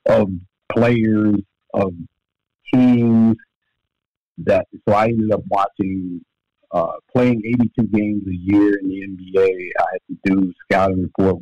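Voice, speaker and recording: A deep, gravelly voice belongs to an older Louisiana man, a former basketball player and coach, who tells stories unhurriedly in a podcast interview, full of fillers and restarts. He's in a home office, and the remote audio is dull, lo-fi and dry, with no echo.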